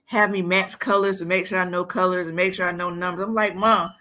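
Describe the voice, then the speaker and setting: A woman's voice: lowish voice, flat delivery, fast talker, a bit bright. A young woman telling her own story of surviving a shooting in a blunt, matter-of-fact way. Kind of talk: candid personal story.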